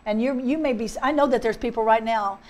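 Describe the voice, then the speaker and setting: Woman minister, fervent testimony, fairly high voice, earnest and repetitive. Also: a little fast. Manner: fervent, earnest, repeats herself. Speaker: guest minister. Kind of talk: personal testimony, preaching.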